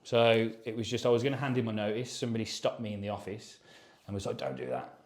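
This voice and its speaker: A man's voice: fairly low pitch, steady tone, quick pace. Sweary man chatting, echoey room. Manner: rambling, sweary and matter-of-fact. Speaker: podcast co-host. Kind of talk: casual chat.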